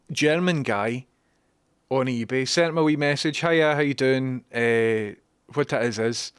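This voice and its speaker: On his own livestream, a man chats casually and rambles, sarcastic and swearing as he drifts off onto tangents. His voice is medium in pitch, and the studio-quality recording has no echo.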